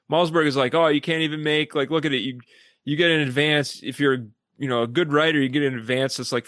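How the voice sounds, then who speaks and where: A man who is a podcast guest, telling stories animatedly and acting out quoted people in lively voices. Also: mid-range voice, dry recording, clean studio sound. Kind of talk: casual discussion.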